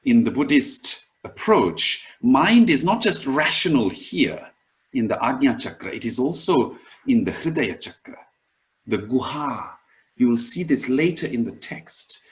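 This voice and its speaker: A man teaching as a spiritual teacher, giving a commentary on a scripture and sometimes chanting verses in an ancient language. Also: mid-range voice. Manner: slow, animated delivery with chanted Pali recitation.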